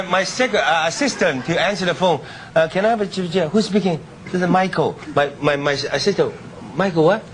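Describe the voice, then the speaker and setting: A man chatting as a talk-show guest in a halting way, laughing often and restarting his sentences. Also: a little high, a bit bright. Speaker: actor guest. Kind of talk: casual talk-show chat. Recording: crowd and noise behind.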